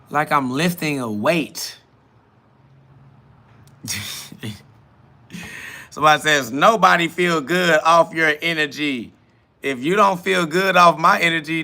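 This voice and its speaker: His high-pitched voice has vocal fry and a pushed, bright quality. The podcast host goes through live comments during a stream, mocking and laughing, cursing and sermonizing as he rants to himself.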